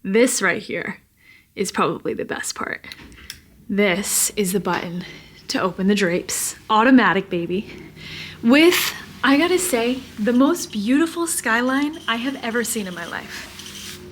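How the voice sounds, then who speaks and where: A woman's voice: on the high side, expressive, unhurried, slight background noise. A young mother narrating a travel vlog in a playful, upbeat way.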